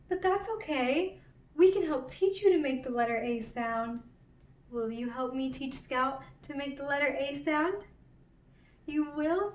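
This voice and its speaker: A woman teaching toddlers phonics, gentle and encouraging, drawing out each sound. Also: high-pitched, distant mic. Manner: gentle, encouraging, drawn-out repetition. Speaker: children's educator. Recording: roomy, from off the mic.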